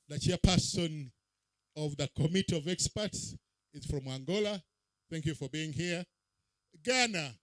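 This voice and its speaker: A man's voice: fairly high pitch, fairly bright tone, dry recording. A man emceeing a public event, calling names and countries with rising emphasis over a handheld mic. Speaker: master of ceremonies. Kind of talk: event emcee roll call.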